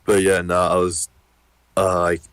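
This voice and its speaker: Low-voiced man swearing in casual chat. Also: completely flat delivery, a little slow, fairly bright tone, clear, resonant tone, no room sound. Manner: crude, profane, joking.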